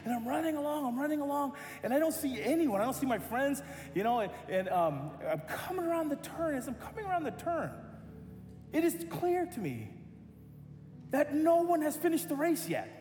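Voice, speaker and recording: High-voiced man preaching in an echoey hall. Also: normal speed. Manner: animated, acts out voices in his story. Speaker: pastor. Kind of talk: sermon storytelling.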